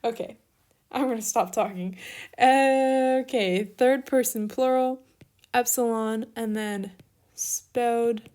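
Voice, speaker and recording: A young woman teaching an online Greek lesson, spelling out each form at an unhurried pace. Her voice sits a little high. She talks as she writes and now and then says sorry for repeating herself. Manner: steady, step-by-step explaining while writing, with small apologies.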